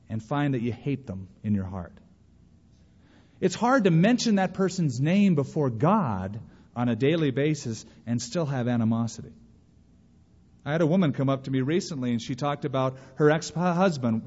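A male pastor preaching a sermon, animated, acting out quotes with sudden bursts of energy. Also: on the high side. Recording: muffled recording in a reverberant hall.

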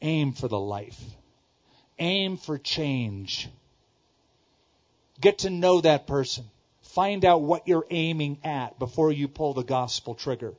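A middle-aged man preaching a sermon with a slightly raised pitch, pressing his points by repeating them. He moves between booming outbursts and hushed asides. The recording sounds somewhat dull and lo-fi. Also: expressive, takes it slowly, long pauses. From Southern California. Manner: emphatic, repeats key phrases, shifts between loud exclamations and quiet asides. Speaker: pastor.

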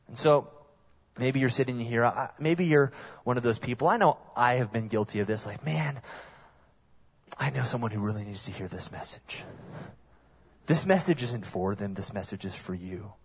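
Animated man preaching a sermon. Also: medium pitch, dull audio. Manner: animated storytelling with sudden drops to quiet. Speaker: guest pastor.

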